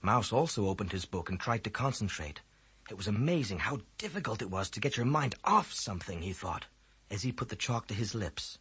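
A man with a husky voice narrating a children's book aloud, reading expressively. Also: on the low side, big pitch swings, fairly quick, a bit bright, dry recording. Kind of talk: audiobook narration.

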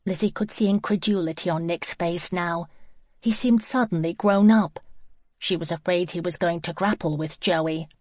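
A woman reading a novel aloud as an audiobook narrator, in a steady, measured voice, close to the mic. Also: on the low side, no room sound. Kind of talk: scripted narration.

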